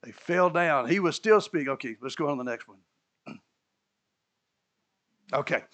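A male preacher with a slightly raised voice delivers a lively sermon. He moves between plain explanation and excited acted-out lines. He chuckles now and then at his own asides. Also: a little high, normal speed. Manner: animated storytelling, acting out biblical characters. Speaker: pastor.

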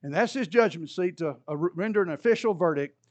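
A man's voice: animated, quick pace. A man teaching a Bible study lesson in a conversational way, now and then acting out the voices in the story. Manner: conversational, acts out quoted voices with rising pitch.

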